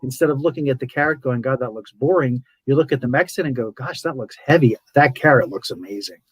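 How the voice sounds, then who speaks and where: A man's voice: medium pitch, fast, husky, dry recording, low-quality recording. A man hosting a podcast, talking casually and animatedly, acting out his inner voice and repeating words for emphasis. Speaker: podcast host. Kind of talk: casual spiritual talk.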